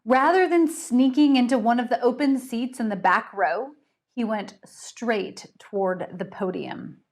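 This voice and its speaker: A woman author chatting encouragingly, then reading her mystery story aloud with dramatic pauses. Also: fairly high pitch. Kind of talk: casual chat and storytelling read-aloud.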